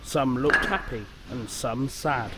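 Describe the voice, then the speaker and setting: A man reading a children's railway storybook aloud as narrator, in a measured storytelling manner. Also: medium pitch. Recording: noisy background hiss.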